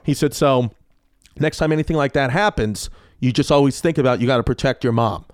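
A comedian guest telling stories in casual chat, animated and profane, acting out quotes. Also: male voice, medium pitch, fairly quick, no room sound, clean studio sound. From New York. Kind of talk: casual storytelling.

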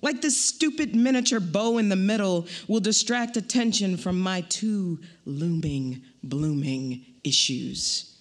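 A woman poet reading her own poem aloud at a live event, with a wry, rhythmic delivery and pointed pauses. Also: medium pitch.

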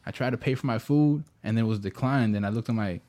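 Brief: young guy, mid-pitched, easygoing rambling storyteller, casual podcast chat. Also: fast talker, dark tone. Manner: laid-back storytelling with lots of fillers.

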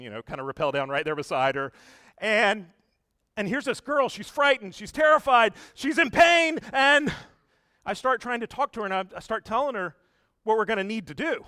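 A man preaching a sermon in a chatty, animated storytelling way, speaking straight to the congregation. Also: high-pitched, dry recording, clean studio sound. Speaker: pastor.

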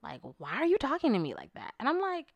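A woman's voice: mid-range voice, huge pitch swings, fast, vocal fry, breathy edge, dry recording, muffled recording. A woman co-hosting a casual couples podcast, telling her side of a story and quoting herself and her partner. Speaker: podcast co-host.

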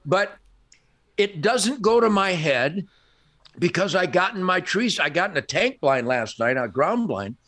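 An older man talks with a high, bright and sharply forceful voice that leaps all over the place. He tells his stories emphatically and a bit boastfully. He laughs often as he goes. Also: big pitch swings, a little slow. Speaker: guest. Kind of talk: animated storytelling in conversation.

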